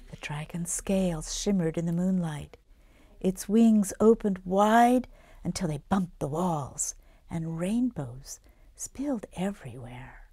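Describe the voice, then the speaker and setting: Slow, husky woman reading a picture book. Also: lowish voice, expressive, no echo. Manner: dramatic, with many hushed whispers. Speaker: children's author reading her own book. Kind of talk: storybook read-aloud.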